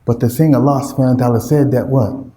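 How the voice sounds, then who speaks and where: A man's voice: medium pitch, fairly even intonation, quick pace, mellow, reverberant. A man with an American accent preaching a sermon, emphatic and repetitive, with street slang. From United States.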